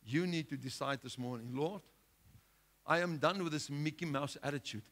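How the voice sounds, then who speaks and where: A man preaching with a bright, forceful edge to his voice that sits a little high for a man. He fires rhetorical questions and moves between loud, emphatic bursts and quieter, pressing lines. It is a sermon delivered with conviction. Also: normal speed. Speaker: pastor.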